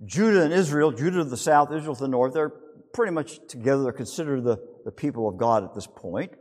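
A man's voice: mid-range voice, animated, quick pace, darkish tone, long reverb tail. A man preaching a sermon who reads scripture and retells it as a vivid story full of rhetorical questions. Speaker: pastor.

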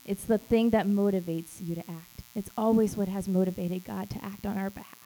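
A woman's voice: medium pitch, steady tone, fairly quick, warm tone, poor audio. A woman who leads a small group, giving an emphatic church teaching talk. She repeats key phrases and acts out quoted lines.

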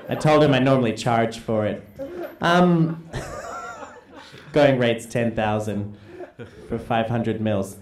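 A man's voice: medium pitch, slow pace, pauses often, noisy background. A man co-hosting a comedic casual chat, playful and making up silly sayings. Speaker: co-host. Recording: echoey room.

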